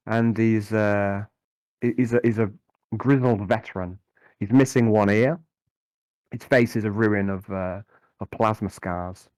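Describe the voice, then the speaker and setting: A man running a tabletop game as game master, narrating with many pauses. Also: on the low side, clear, resonant tone, dry recording. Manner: rambling, thinks aloud.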